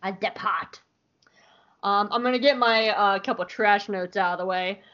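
Woman from the South, podcast co-host, animated, swears a lot, lo-fi sound. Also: mid-range voice, normal speed, smooth. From American South. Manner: animated, swears freely, laughs often. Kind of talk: casual chat. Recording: lo-fi audio.

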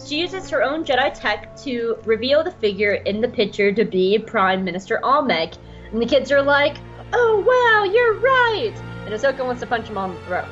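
A woman co-hosting a podcast, giving an animated comedic episode recap and laughing at her own slips. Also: on the high side, a little fast. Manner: animated, laughing, self-correcting. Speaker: podcast co-host. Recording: dull lo-fi sound with faint music.

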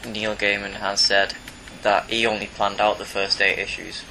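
A man co-hosts a casual comics podcast, laid-back and fairly brief. His voice sits a little low but has a crisp, bright tone. Light hiss runs in the background. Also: completely flat delivery, normal speed, rough recording. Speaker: podcast co-host.

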